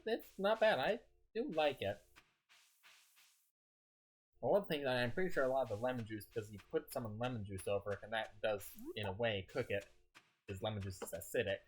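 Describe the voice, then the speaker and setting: A man's voice: medium pitch, lively intonation, fairly quick, pauses often, husky. A tired man streaming a game, rambling as he plays, often stumbling and restarting his sentences. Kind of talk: casual gameplay commentary.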